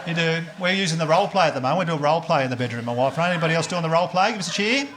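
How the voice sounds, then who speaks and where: A man with an Australian accent performing a stand-up set, telling crude stories in a dry, deadpan way. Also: fairly high pitch, rapid-fire. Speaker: stand-up comedian. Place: comedy club stage before a live audience. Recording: loud audience laughter and noise.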